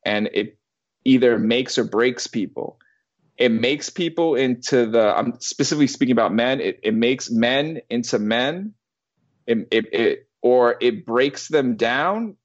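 A man's voice: medium pitch, lively intonation, measured pace, lo-fi sound. A man in his thirties telling a personal story in casual conversation, rambling with restarts and the odd curse word. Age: 30s. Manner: rambling, with many restarts and swearing.

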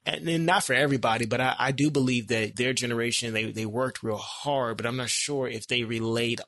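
A young American man chatting as a podcast guest, energetic and animated, laughing often and repeating words as his ideas tumble out. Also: medium pitch, fairly quick, no echo, studio quality. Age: young adult. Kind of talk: casual conversational interview.

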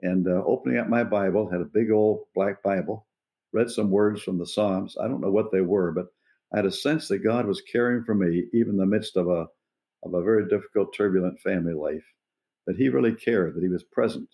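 A man in his eighties, an evangelist being interviewed, telling personal stories in an earnest, unhurried way and pausing to find his words. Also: low-pitched, mellow. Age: 80s. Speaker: evangelist guest. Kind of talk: reflective personal storytelling.

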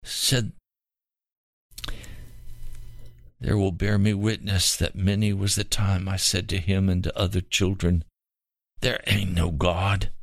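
Storybook role: a man playing a gasping, wheezing old mountain man on his deathbed, gravelly and low, close and dry. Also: flat delivery, measured pace, no echo. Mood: defiant. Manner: wheezing, gasping, rough country talk. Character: dying old mountaineer man, godless, frightened.

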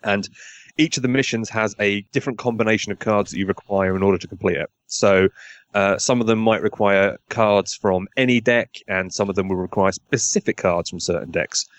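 Man, low voice, dry close sound, casual rambling interview chat, self-deprecating. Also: steady tone, fairly quick, no echo. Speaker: podcast guest, game designer.

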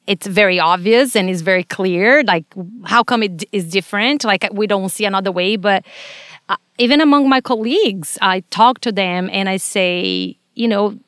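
A woman's voice: medium pitch, moderate pace, a bit bright, clear, resonant tone, no echo, studio quality. A woman with a non-native English accent, a veterinarian hosting a casual interview podcast, chatty and a little stumbling.

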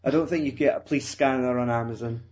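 A young Scottish man talks through a podcast in a loose, rambling way, swearing and laughing at himself. His voice sits at an ordinary middle pitch. The sound is dull and lo-fi. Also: fairly even intonation, fast talker, darkish tone. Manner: rambling, self-mocking, swearing. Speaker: podcast co-host. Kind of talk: casual chat.

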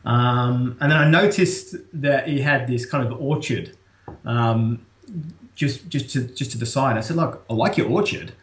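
British man telling a lively story in a roomy space. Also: medium pitch, unhurried. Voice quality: animated, laughing often, restarts. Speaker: guest. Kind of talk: casual storytelling.

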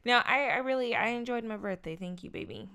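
Lively, playful young woman laughing often. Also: a little high, fairly quick, vocal fry, clean tone. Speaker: podcast co-host. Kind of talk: casual couple chat.

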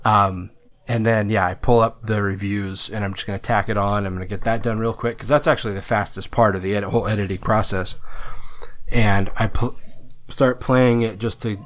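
A man's voice: fairly low pitch, fairly even intonation, moderate pace. A man, a parent, co-hosting a podcast in casual chat, rambling and swearing freely. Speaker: podcast co-host.

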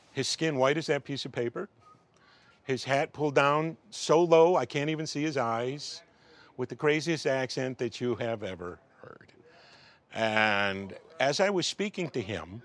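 A middle-aged man in an interview, telling a wry anecdote and acting out the dialogue. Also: medium pitch. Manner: animated, acts out dialogue, wry. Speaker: interview guest, film professional. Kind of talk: anecdotal storytelling.

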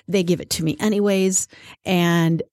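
A woman guest telling a personal story in casual conversation, animated, with many fillers and restarts. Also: fairly low pitch, normal speed, dry recording, studio quality.

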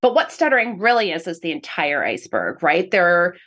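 A woman's voice: on the low side, sing-song, fairly quick, a bit bright, slightly rough. A woman professor of speech-language pathology giving earnest, explanatory interview answers. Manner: earnest, explanatory, repeats "really" often.

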